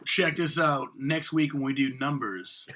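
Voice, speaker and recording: A man co-hosting a casual comedy podcast, cracking quick jokes and swearing freely. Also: mid-range voice, bright, forceful tone. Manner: joking, quick wisecracks, swears a lot. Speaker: podcast co-host.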